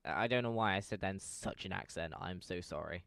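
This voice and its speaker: A man's voice: deep voice, fairly quick, vocal fry, a bit bright, dry recording, studio quality. A young man giving casual fan commentary, rambling and correcting himself with lots of fillers.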